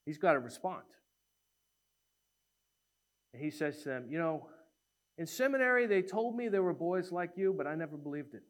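Man, preacher, lively storytelling sermon, slightly high voice, acts out quoted voices. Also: a little fast.

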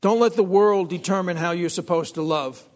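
A man's voice: high voice, moderate pace. A man preaching a sermon, emphatic, repeating phrases and restarting sentences.

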